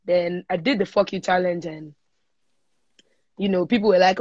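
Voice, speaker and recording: A woman's voice: on the low side, a little fast, no echo. A young adult woman with a Nigerian accent, a singer, chatting casually in an interview and telling stories with bits of pidgin. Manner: lively storyteller mixing in pidgin. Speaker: singer guest. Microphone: phone on a live stream. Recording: dull lo-fi livestream audio.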